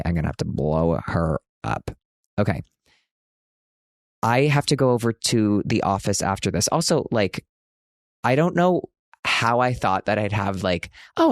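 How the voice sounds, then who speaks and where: A man's voice: on the low side, no room sound, studio quality. A man in his thirties hosting a casual podcast from a hotel room, chatty and self-mocking, now and then jumping into a big dramatic announcer voice. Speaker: podcast host.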